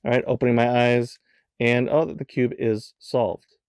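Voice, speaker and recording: A man's voice: mid-range voice, flat delivery, unhurried, darkish tone, clean tone, no echo, clean studio sound. A man hosting a step-by-step puzzle tutorial in a casual way, counting the moves aloud as he demonstrates them. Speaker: tutorial host.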